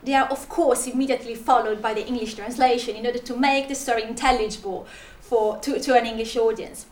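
A woman's voice: a little high, fairly even intonation, quick pace, echoey room. A woman with a Russian accent, presenting an academic paper and reading it with frequent restarts and fillers. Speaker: conference presenter.

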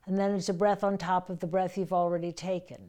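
A woman's voice: lowish voice, flat delivery, quick pace, mellow. Woman coaching breath in verse speaking. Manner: explains plainly, reads verse lines aloud with force. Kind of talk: teaching verse speaking with readings.

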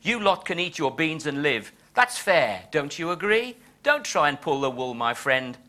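A man's voice: fairly high pitch, very animated, moderate pace, pushed and bright. A man reading rhythmic verse as a defiant poet scornfully addressing a doctor. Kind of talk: reading translated verse aloud.

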